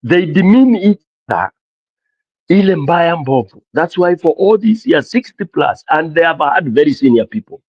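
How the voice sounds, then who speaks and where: Animated Kenyan man hosting a call-in. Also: on the high side, moderate pace, breathy edge, no room sound, muffled recording. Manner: animated, switches between English and Swahili. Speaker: host of a call-in political show. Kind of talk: casual call-in chat. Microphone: streaming mic.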